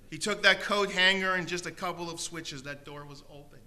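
A man preaching a sermon as pastor, his voice very bright and a touch higher than most men. He tells stories with gentle humor and pleads warmly with his listeners in the auditorium to raise a hand for prayer. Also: measured pace. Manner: storytelling with gentle humor, pleading altar call. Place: church auditorium.

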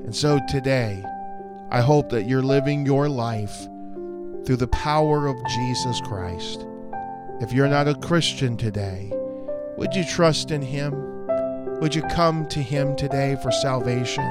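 A male preacher giving a sermon in an earnest, measured way, appealing to his listeners. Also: medium pitch. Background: faint music.

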